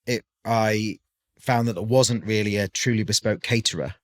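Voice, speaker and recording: A man's voice: lowish voice, fairly even intonation, moderate pace. A British man in his forties, a caterer guest on a podcast, telling his story in a rambling, chatty way with lots of fillers. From United Kingdom. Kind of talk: casual podcast chat.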